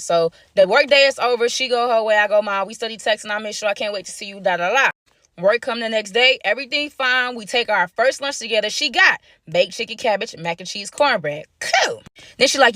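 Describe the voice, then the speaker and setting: A young woman telling a storytime monologue in slangy, animated speech, full of dramatic repeats. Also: a little high, fairly quick, no room sound.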